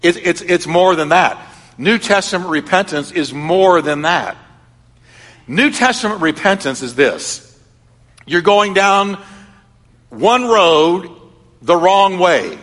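A man's voice: high voice, expressive, takes it slowly, pauses often, a bit bright. A man preaching a sermon as pastor, emphatic and repetitive, with a strong preaching cadence. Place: church sanctuary. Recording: long reverb of a large church hall.

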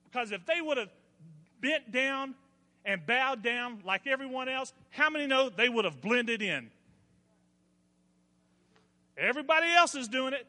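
Animated yet a little slow, this pastor pauses often as he preaches with a bright, sharp, high voice. Folksy stories give way to emphatic, swinging points, all echoing with long reverb in a church hall.

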